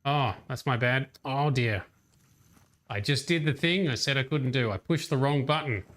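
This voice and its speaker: A streamer chats casually, thinking aloud as he plays a game on a livestream. His voice is medium in pitch and fairly bright, moving at a normal speed, with slight background noise behind it.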